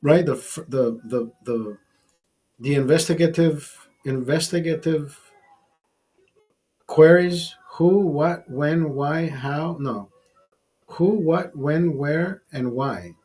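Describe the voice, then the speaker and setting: A man's voice: fairly high pitch, takes it slowly, dark tone, breathy edge. A man hosting a live stream, chatting casually over a beer, rambling and swearing, laughing at his own jokes. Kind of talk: casual chat over beers.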